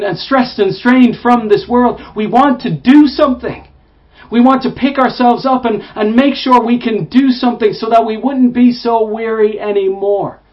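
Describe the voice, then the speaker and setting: A man preaching a sermon to listeners, repeating words, swelling to emphatic peaks and falling to hushed, low phrases. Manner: repeats and restarts words, rising to emphatic bursts. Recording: dull lo-fi sound.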